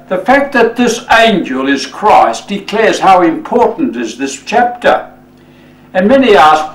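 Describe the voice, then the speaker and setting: A male pastor preaching a sermon, slow and emphatic, often addressing listeners as friends. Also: fairly high pitch, roomy sound, distant mic, low-quality recording.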